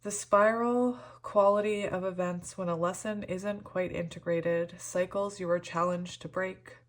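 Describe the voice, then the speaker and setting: A woman giving a pick-a-card tarot reading, emotional and hesitant, shaky and close to tears, with many pauses and ums. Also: lowish voice, steady tone. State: shaky and tearful. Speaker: tarot reader.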